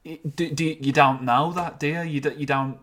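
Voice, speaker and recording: A man co-hosting a casual football podcast, often halting and restarting as he thinks aloud. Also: on the high side, fairly even intonation, a bit bright. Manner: halting, many restarts and fillers, earnest. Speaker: podcast co-host.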